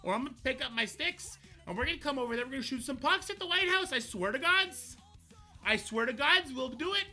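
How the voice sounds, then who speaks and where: A man's voice: extremely high pitch, lively intonation, a little fast, sharp tone, soft background music, pitched above the performer's own voice, full character voice. A man hamming up a blustering Canadian hockey guy. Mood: mock outrage. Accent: exaggerated Canadian. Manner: blustering, tacks on "bud" and "eh".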